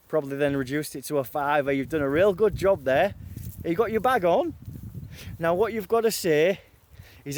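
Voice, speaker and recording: A man from northern England delivers a raw, rambling confessional monologue. His voice sits high, and he swears freely and jumps between voices and outbursts. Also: expressive, moderate pace, a little hiss or hum. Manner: raw, profane, jumps between quotes and rants.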